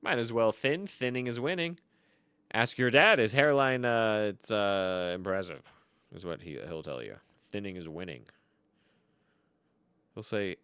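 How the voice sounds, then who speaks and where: Lively, bright-voiced boastful man. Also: fairly low pitch, a little slow, pauses often, clear, resonant tone, no echo, studio quality. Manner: boastful, theatrical, swings between loud outbursts and mutters. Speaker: card game YouTuber. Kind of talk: comedic gameplay commentary.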